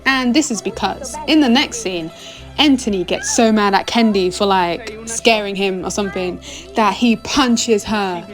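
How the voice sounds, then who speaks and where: A woman's voice: medium pitch, measured pace, soft background music. Rambling, chatty young woman reviewer. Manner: rambling and chatty, full of "like" and "oh my gosh". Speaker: anime reviewer. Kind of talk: casual anime review chat.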